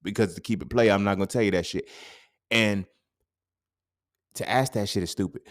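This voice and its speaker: Animated, profane man with a low voice. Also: brisk. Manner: animated, profane, swings to sudden loud outbursts. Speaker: podcast host. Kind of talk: casual monologue.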